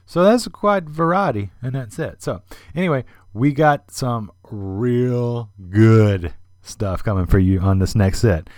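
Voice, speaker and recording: A man hosts a music podcast in a loose, chatty way, wandering into asides and filling pauses as he goes. His voice sits at a middle pitch and is recorded close and dry, with no room around it. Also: lively intonation, a little mellow, dry recording. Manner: chatty, rambling, many fillers and asides. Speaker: podcast host. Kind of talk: casual radio-style music commentary.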